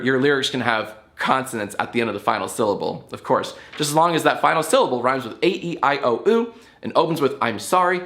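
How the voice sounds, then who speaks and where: A man talks straight to camera as host of his own show, loose and playful, wandering through his points. His pitch sits in an ordinary middle range, and he keeps checking in with his listeners as he explains. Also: a bit bright. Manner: rambling, playful, explains with repeated "all right?". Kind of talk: casual talk to camera.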